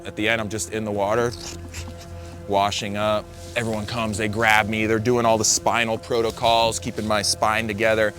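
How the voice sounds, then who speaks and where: A man's voice: mid-range voice, pushed and bright. A man, a big-wave surfer, telling a personal story casually, rambling with lots of "like" and restarting his sentences.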